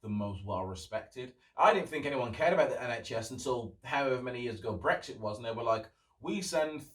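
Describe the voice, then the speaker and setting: A young man hosts a solo podcast in loose, rambling chat. His pitch sits in the middle, and he gets sarcastic and swears when he rants. The mic sits some distance from him, so his voice sounds slightly removed. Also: fast talker. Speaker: podcast host.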